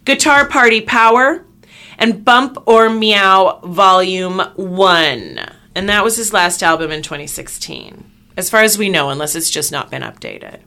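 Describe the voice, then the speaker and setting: A woman co-hosting a comedy podcast, chatting casually and playfully, breaking into excited loud riffs. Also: medium pitch, unhurried. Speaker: podcast co-host.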